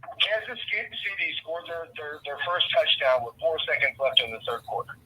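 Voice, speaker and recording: A man's voice: on the high side, expressive, moderate pace, background noise. A middle-aged man giving his opinions in a casual sports talk, often repeating words as he thinks. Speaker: guest sports commentator.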